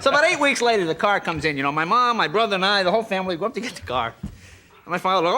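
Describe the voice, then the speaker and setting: A high-voiced man in his late thirties tells stories on a talk show at a rapid clip, his pitch leaping about as he acts out everyone in them. The studio audio carries a noticeable hiss. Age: late 30s. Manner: animated, acts out quoted voices, quick and excitable. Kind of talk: comic storytelling on a talk show. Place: TV studio with a live audience.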